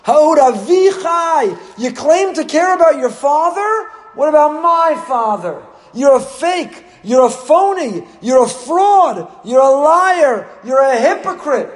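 A man voicing a bitter, furious brother who shouts accusations in a raised, high voice. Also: big pitch swings, takes it slowly, hardly any pauses, big-room sound, heavily acted.

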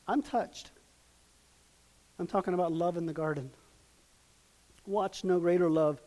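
A preacher gives a sermon in a high voice, swinging between loud, emphatic peaks and hushed, quiet passages. He acts out quoted lines and poses questions to his listeners.

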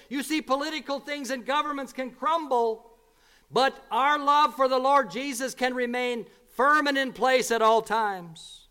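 An earnest male preacher gives a sermon at a measured pace in a very high, bright voice that is smooth and clear. He repeats key points with emphasis, and often grows lower and softer as he pulls back from the mic.

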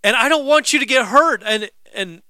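High, bright-voiced joking male preacher. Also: expressive, smooth, dry recording. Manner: conversational and joking, slows down to stress scripture. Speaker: pastor. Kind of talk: sermon.

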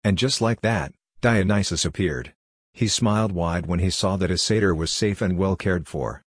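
A man's voice: low voice, normal speed, no room sound, clean studio sound. A man narrating a scripted storybook in a plain, lightly humorous way.

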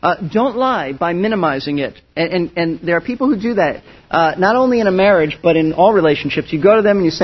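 A man's voice: high-pitched, expressive, fast talker, breathy edge. A man preaching a sermon as pastor, earnest and emphatic, often restarting his phrases. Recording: dull lo-fi sound.

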